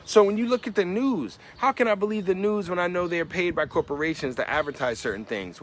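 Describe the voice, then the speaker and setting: A man's voice: fairly high pitch, a bit bright, a little hiss or hum. A man in his forties, a rapper explaining his lyrics in a reflective monologue, musing and asking many rhetorical questions. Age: 40s.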